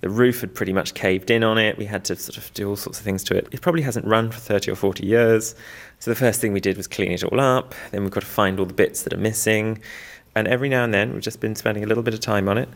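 A man with a low, gravelly voice talks about weaving in a documentary interview. He rambles a little, makes fun of himself and chuckles now and then. His tone stays easy and unhurried. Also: fairly even intonation. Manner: self-deprecating, chuckling, rambling. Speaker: weaver restoring old looms.

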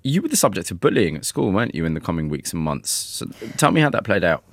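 A male interviewer with a lowish voice speaks in a measured, deliberate way, laying out context before posing each question. The recording is close and dry, with no room sound around him. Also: sing-song, no echo.

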